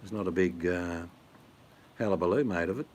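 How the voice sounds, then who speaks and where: Middle-aged aussie bloke, lowish voice, joking around chatting to his viewers. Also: moderate pace, a little mellow, slight background noise. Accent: Australian. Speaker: vlogger answering chat. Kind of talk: casual chat.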